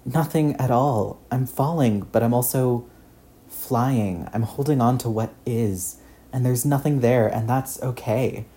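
Guy voicing a shaken teen boy hero, halting and stammery, mellow tone, audiobook. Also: medium pitch, close to an everyday voice. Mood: earnest.

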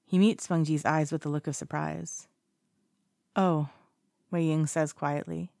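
A woman reading fiction aloud in calm, even storytelling. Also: deep voice, gravelly, no room sound, studio quality. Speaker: narrator. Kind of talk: audiobook narration of fiction.

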